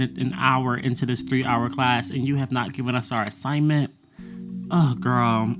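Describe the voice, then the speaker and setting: A vlogger talking casually about a semester, blunt and profane, with frequent laughter. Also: medium pitch. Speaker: vlogger recapping a college semester. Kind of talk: casual monologue.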